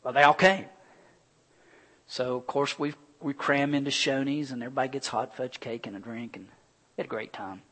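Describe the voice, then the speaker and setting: A middle-aged man preaching a sermon and telling personal stories, swinging from loud, animated bursts to quiet, earnest passages. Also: mid-range voice, normal speed, poor audio. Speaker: pastor.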